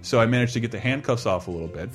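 A man in his thirties casually telling a long personal story on a podcast, animated and laughing, acting out quotes in a high voice. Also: racing, faint music behind. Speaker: podcast co-host.

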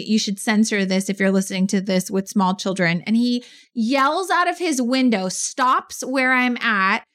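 A woman co-hosting a casual podcast chat, telling stories in an animated, emphatic way. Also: fairly high pitch. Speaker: podcast co-host.

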